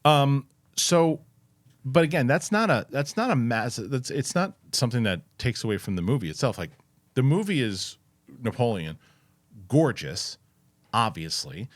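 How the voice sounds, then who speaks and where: A man hosting a casual chat show, talking in an animated, rambling way with many restarts and fillers. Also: medium pitch, normal speed, no room sound. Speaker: host.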